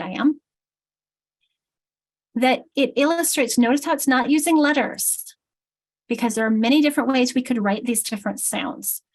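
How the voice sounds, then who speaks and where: A woman trainer leading an online teacher workshop, explaining and sounding out vowel sounds over a video call. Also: a little high. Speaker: literacy trainer.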